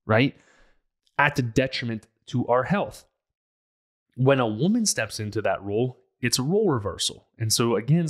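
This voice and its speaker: This man has a medium-pitched, fairly bright voice and hosts a podcast where he gives relationship advice. His delivery is blunt and emphatic, a loose and casual monologue.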